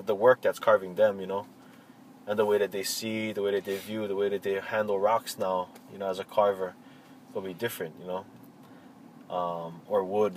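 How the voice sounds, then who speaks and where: A man answering interview questions in a relaxed, reflective way, pausing often with fillers and restarts. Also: low voice, poor audio. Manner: halting, many fillers and restarts. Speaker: interviewee, cultural practitioner. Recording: faint vehicle noise behind.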